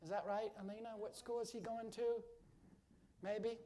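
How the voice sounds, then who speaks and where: A man with a strikingly high voice delivers a sermon from the pulpit. He preaches fervently, calling out loudly one moment and dropping to an easy, chatty aside the next. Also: flat delivery, moderate pace. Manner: fervent, swings from loud exclamations to quiet chatty asides.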